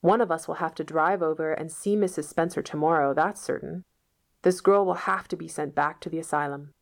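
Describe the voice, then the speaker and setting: A woman plays a stern, sharp-tongued middle-aged woman who answers curtly and scolds. The voice sits fairly low with a gravelly, creaky edge. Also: fairly even intonation, fairly quick. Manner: curt, reproachful.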